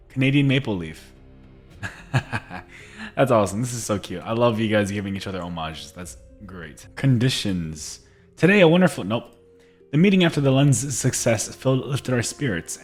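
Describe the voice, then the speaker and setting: A man giving casual, chatty commentary while playing a game, reading in-game notes aloud and often laughing. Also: medium pitch. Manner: chatty, reads in-game texts aloud, frequent laughs and restarts. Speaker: gameplay streamer.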